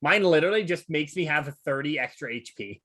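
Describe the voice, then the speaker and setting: A man's voice: fairly high pitch, animated, quick pace, sharp tone. A man playing a tabletop game, speaking hesitantly with frequent restarts. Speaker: player.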